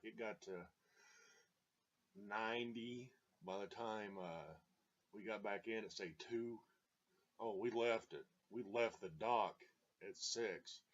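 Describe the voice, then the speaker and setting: A man with a low voice tells an old story in a casual, rambling way, full of fillers and little chuckles. The recording sounds dull and lo-fi. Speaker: storyteller reminiscing.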